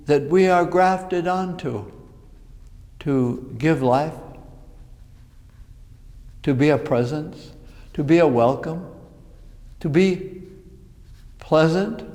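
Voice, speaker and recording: A Jesuit priest giving a sermon in a church, speaking in slow, reflective phrases. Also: male voice, a little high, darkish tone. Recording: long reverb of a large hall.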